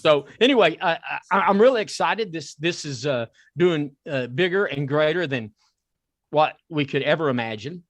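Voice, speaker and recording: A man with a Southern accent hosting a talk podcast, excitable and repeating himself as he pitches a sponsor. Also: normal speed, no echo. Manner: excitable, repeats words and restarts. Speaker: podcast host. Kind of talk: casual chat with a sponsor plug.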